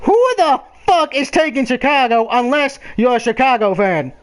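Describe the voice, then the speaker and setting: A man with a very high voice hosts a casual football talk show. He rants bluntly and swears freely, pushing his picks with animated conviction. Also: normal speed. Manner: blunt, profane, animated ranting. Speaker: sports picks podcast host. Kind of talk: casual sports chat.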